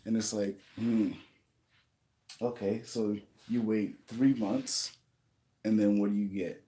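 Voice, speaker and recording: A man records an angry, profane vlog rant indoors in a rented home. His voice is lowish and dark, and he talks slowly, stopping and restarting his sentences as he vents. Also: steady tone. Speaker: YouTuber.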